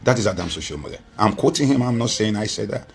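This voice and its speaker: A man's voice: on the low side, animated, quick pace, creaky, slightly rough. A Nigerian man speaking as a political guest on a TV interview, making emphatic points with rhetorical repetition. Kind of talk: TV interview commentary.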